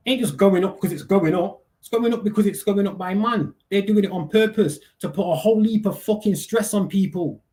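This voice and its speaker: A man's voice: sits high, brisk, few pauses, dark tone. A middle-aged man, ranting casually and profanely on a livestream in heavy street slang. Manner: heated, profane, slangy, keeps asking "you get me".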